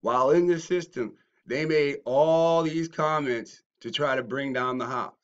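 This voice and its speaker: A man ranting at critics in a response video, mocking and swinging from low muttering to loud shouting. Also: measured pace, smooth, dull audio. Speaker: YouTuber. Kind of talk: confrontational response video rant.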